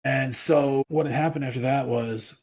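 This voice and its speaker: A man's voice: medium pitch, fairly even intonation, normal speed, darkish tone. A man, a pastor guest on a podcast, earnestly telling a personal story in a rambling way, often repeating himself.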